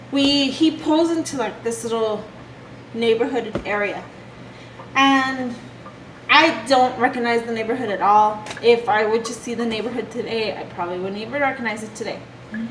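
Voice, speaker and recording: A young woman telling a personal story from her childhood in a halting, emotional way. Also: on the high side. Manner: emotional, halting retelling with restarts. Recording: echoey room with background noise.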